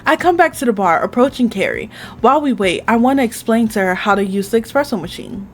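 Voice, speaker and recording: A woman's voice: fairly high pitch, expressive, quick pace, slight background noise. A woman hosting a gaming channel, reading a dating game aloud in the first person, with casual asides.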